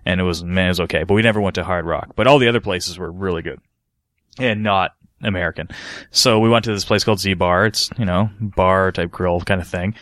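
A man's voice: deep voice, a little fast, fairly bright tone, no echo, studio quality. A man from Canada, a podcast co-host, telling a rambling story in casual chat, swearing freely.

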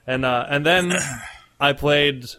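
A man's voice: fairly high pitch, slow pace, sharp tone, no echo. A man co-hosting a casual gaming podcast, telling rambling stories in a laid-back way. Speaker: podcast co-host. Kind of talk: casual chat.

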